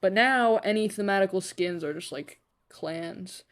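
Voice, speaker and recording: A woman's voice: mid-range voice, measured pace. A young woman live-streaming a game, chatting casually in a rambling way, full of fillers, freely swearing and poking fun at herself. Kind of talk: casual live-stream chat while gaming.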